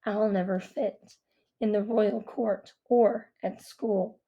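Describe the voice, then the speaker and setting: A woman voicing a brooding, guarded young man who speaks low, slow and subdued in an audiobook. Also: fairly even intonation, lo-fi sound. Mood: somber.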